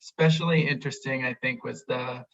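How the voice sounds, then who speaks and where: A man's voice: medium pitch, steady tone, fairly quick, creaky, fairly bright tone. A man hosting a live stream interview over a video call, friendly and encouraging with frequent backchannels. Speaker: host. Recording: dull lo-fi sound.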